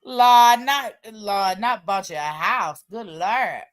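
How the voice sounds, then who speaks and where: A woman co-hosting a livestream, playful and quick with interjections. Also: medium pitch, lively intonation. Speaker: livestream co-host. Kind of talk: casual livestream chat.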